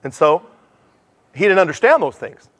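A middle-aged man giving a sermon in a church, animated and self-deprecating, telling stories and acting out dialogue. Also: high-pitched, normal speed. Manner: animated, acts out dialogue in changing voices. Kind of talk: sermon with storytelling.

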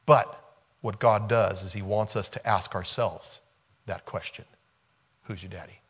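A man's voice: on the low side, fairly even intonation, measured pace, fairly bright tone, breathy edge. A man preaching a conversational sermon, retelling a film scene and repeating rhetorical questions.

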